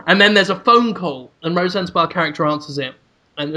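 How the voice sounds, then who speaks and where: A man hosting a podcast, rambling through an absurd improvised comic story and bursting into loud put-on voices. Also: high-pitched, fairly quick. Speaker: podcast host.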